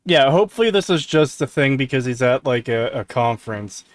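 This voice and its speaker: A man co-hosting a stream, chatting casually while reacting to a video, swearing freely and breaking into loud laughter. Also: medium pitch, animated, brisk, no room sound. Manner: swears, laughs loudly, exasperated outbursts. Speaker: streamer co-host.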